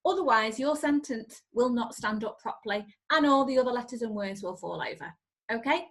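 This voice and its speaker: A woman teaching a recorded spelling lesson to young children, speaking clearly and encouragingly and drawing her words out. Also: fairly high pitch, lively intonation, a little fast. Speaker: primary school teacher.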